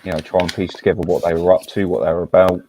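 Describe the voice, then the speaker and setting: Man from Britain, very low voice, mellow tone, relaxed casual chat. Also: racing, a little hiss or hum, rough recording.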